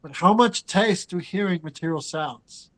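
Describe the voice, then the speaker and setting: A man's voice: high voice, unhurried, fairly bright tone, poor audio. A man teaching a scripture class. He chants Sanskrit and Bengali verses and then explains them, turning to his students with asides. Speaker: spiritual teacher.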